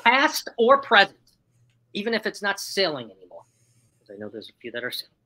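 A woman's voice: mid-range voice, wildly swooping pitch, fairly quick, sharp tone, low-quality recording. A woman hosting a live stream trivia game in a chatty, upbeat way, laughing often as she reads out chat replies. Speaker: livestream host running a trivia game.

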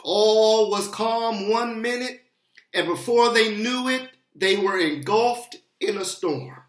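A pastor preaching a sermon in a slow, emphatic style, with appeals that build and rise. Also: mid-range voice. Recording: roomy echo.

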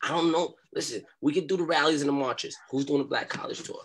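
A young man telling a story as a podcast guest, in animated street talk and acting out what people said. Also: fairly high pitch, fast talker, a little hiss or hum. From New York.

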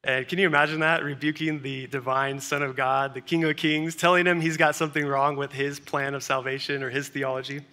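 A man's voice: mid-range voice, level tone, brisk, hardly any pauses, bright, forceful tone. A young adult man preaching a sermon, easygoing and conversational, telling a personal story before reading scripture. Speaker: pastor.

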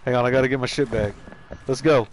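A man giving live commentary over his own gameplay, excitable and full of profane trash talk, yelping and laughing at his plays. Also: medium pitch, quick pace, over a noisy crowd. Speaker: streamer.

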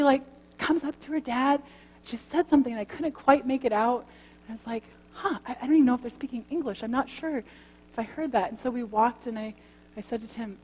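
A woman pastor giving a sermon, telling a story in a conversational way and then praying gently. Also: on the high side, breathy edge. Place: church sanctuary. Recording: long church hall reverb, faint hum.

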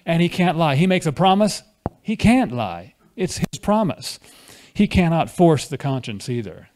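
A man's voice: a little high, big pitch swings, unhurried, darkish tone. A man preaching a conversational sermon at a church fellowship, often asking the congregation questions.

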